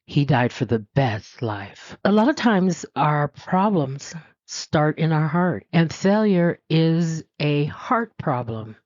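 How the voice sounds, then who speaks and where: Middle-aged woman preacher, chatty and animated, mid pitch, dry dull lo-fi sound. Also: slow pace, dry recording. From US West Coast. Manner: animated, puts on high voices for quotes, laughs often. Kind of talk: conversational sermon.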